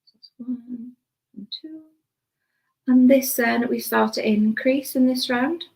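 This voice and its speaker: Casting note: young Welsh woman, craft tutor, slightly high voice with some gravel, chatty step-by-step demonstration. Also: takes it slowly, poor audio. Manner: relaxed, chatty, talks while working with hands. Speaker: crochet teacher.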